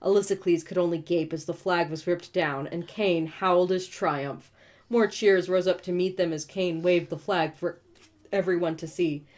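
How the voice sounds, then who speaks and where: A woman's voice: on the low side, fairly even intonation, normal speed, darkish tone. A woman reading a novel aloud and breaking in with snarky, profane asides. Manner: snarky, profane asides between read passages. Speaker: book reviewer reading aloud.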